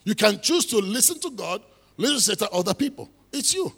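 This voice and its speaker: A man's voice: high-pitched, expressive, brisk, creaky, a bit bright, breathy edge, long reverb tail. A man preaching a sermon, emphatic, repeating phrases and building into exhortation.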